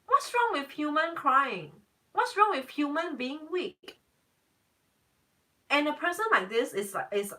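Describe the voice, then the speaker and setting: A woman's voice: medium pitch, bright, forceful tone, far from the mic, rough recording. A young woman, a tarot reader, chatting casually on a live stream, emphatic and repeating herself.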